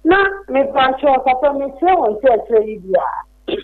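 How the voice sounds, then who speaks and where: A woman's voice: high voice, animated, unhurried, dry recording. A woman calling in to a radio show, speaking earnestly and thankfully. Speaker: caller. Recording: tinny phone line.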